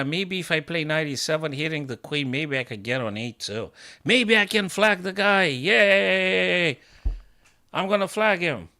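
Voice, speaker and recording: A man's voice: on the high side, pushed and bright. A chess coach streaming live, a man thinking aloud over his moves, self-mocking and bursting into exclamations.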